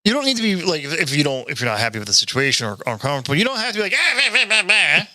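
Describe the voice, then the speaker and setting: A man telling a crude story in casual podcast chat, excitable and doing voices for the people in it. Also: medium pitch, racing, no room sound. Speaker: podcast co-host.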